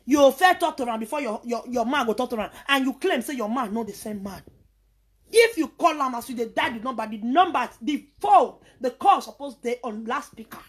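A Nigerian woman, a social media personality with a Nigerian Pidgin English accent, launches into an angry, scolding rant, repeating herself over and over. Her voice is fairly high, expressive, slightly rough, and a little fast.

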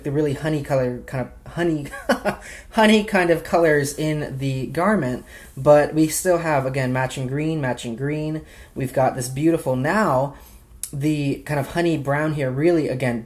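With a slightly high voice and a somewhat slow delivery, a young vlogger chats enthusiastically about a watch and its accessories, leaning heavily on fillers.

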